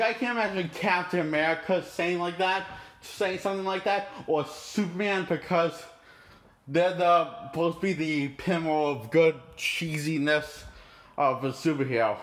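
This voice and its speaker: A man reviewing a movie in an indignant, profane, rambling rant. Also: a little high. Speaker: movie critic.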